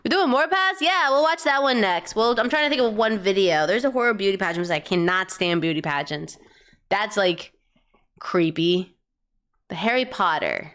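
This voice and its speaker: A woman streamer chatting casually to her chat while picking reaction videos, rambling, swearing offhand and breaking into excited bursts. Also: medium pitch, moderate pace.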